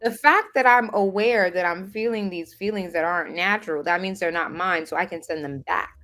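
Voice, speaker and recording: A woman's voice: lowish voice, a little fast, a bit bright, faint music behind. A woman giving a spiritual motivational talk, addressing listeners in an emphatic, preacher-like way with streetwise directness and chanted repetitions. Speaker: spiritual life coach.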